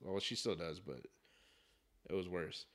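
Young man, podcast host, casual chat, swears a lot, animated storytelling, bright voice. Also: low-pitched, a little slow.

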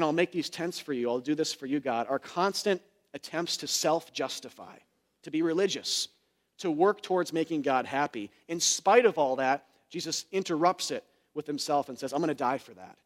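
Earnest preacher man, slightly high voice. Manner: earnest, rises to emphatic peaks then drops soft; speaks fillers and restarts, conversational preaching. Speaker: pastor. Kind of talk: sermon.

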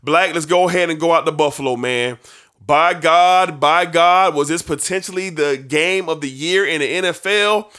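Brief: slightly high-voiced male sports show host, emphatic and folksy. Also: normal speed, smooth. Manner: animated, emphatic, folksy slang. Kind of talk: casual sports talk.

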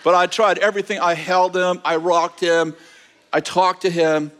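Animated storytelling preacher man. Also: sits high, moderate pace. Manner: animated storyteller, self-mocking, repeats words when starting. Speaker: pastor. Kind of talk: sermon with personal story.

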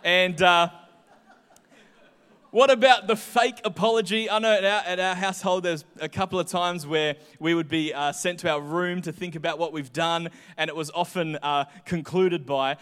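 A young man preaching a sermon, chatty and animated as he tells personal stories. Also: fairly high pitch, normal speed, clear, resonant tone. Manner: chatty, animated storytelling with voiced asides. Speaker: pastor. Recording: hall reverb.

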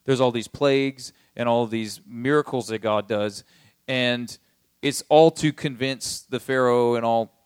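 A man teaching from the Bible in a relaxed, conversational tone. His voice sits at an ordinary middle pitch, and he talks like he is chatting with friends, with lots of "you know" and "like". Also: unhurried, clean tone, no room sound, clean studio sound. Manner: conversational, chatty retelling with fillers.

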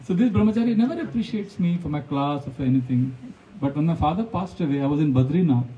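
Mellow, lively monk storyteller. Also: male voice, a little high, fast, recorded from a distance, highs cut off. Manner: storytelling, animated, laughs often, acts out quotes. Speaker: monk giving a talk. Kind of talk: devotional talk with personal anecdotes.

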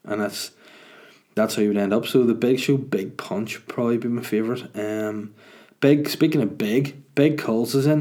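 A man's voice: mid-range voice, normal speed, a little mellow. A man hosting a casual solo podcast, rambling through jokes with plenty of swearing. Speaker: podcast host and stand-up comedian.

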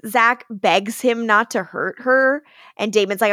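A woman's voice: mid-range voice, unhurried, a bit bright, no echo, clean studio sound. A woman co-hosting a podcast, casually recapping a TV episode, laughing often and swearing freely.

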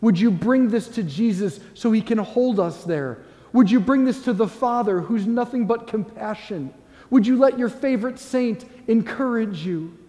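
Priest giving a sermon, gentle earnest guy, highish mellow voice, long echo like a big church. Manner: earnest, gently storytelling with soft pauses. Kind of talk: sermon with guided prayer.

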